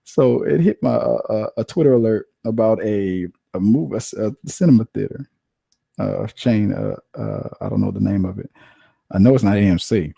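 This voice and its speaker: A man's voice: on the low side, normal speed, vocal fry, dark tone, breathy edge, no echo. A man hosting a podcast, chatting casually and in a rambling way about movies. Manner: rambling, with frequent restarts and laughter. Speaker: podcast host. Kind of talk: casual solo movie chat.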